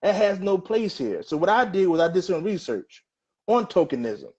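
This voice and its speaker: A man hosting a casual talk show, his voice sitting a bit high for a man. He speaks haltingly, restarting phrases and filling pauses as he tells a story. The recording sounds dull and lo-fi. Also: big pitch swings, mellow. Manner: halting, many restarts and fillers. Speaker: host.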